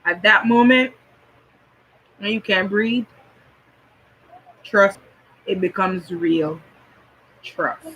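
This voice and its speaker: A woman's voice: mid-range voice, very slow, long pauses, fairly bright tone, breathy edge, highs cut off. A woman giving casual, blunt reaction commentary on a video, laughing as she talks. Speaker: reaction vlogger.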